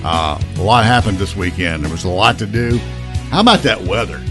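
A man's voice: low voice, sing-song. Upbeat guy hosting morning radio, chatty, music bed playing under him. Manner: upbeat, chatty, quick laughs. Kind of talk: casual morning radio chat.

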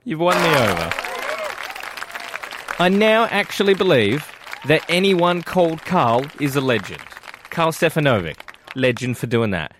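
A man's voice: on the high side, big pitch swings, a little slow, a bit bright, a faint crowd, a little hiss or hum. A man with an Australian accent hosting a casual breakfast radio show, laughing often as he banters with his co-host.

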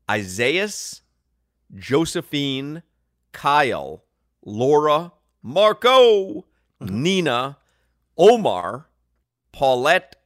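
A man's voice: mid-range voice, fairly bright tone, no echo, studio quality. A man co-hosting a radio show, bantering with a laugh and reading sponsor copy. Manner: joking, laughs often, reads sponsor copy. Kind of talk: sports radio banter and live reads.

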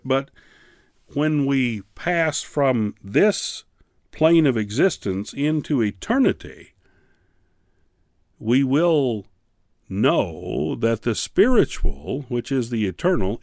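A man teaching a Bible class on the radio, preaching in a fervent, pleading way with slow, emphatic pauses. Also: medium pitch, sing-song, a little mellow, no room sound, studio quality. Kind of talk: radio sermon.

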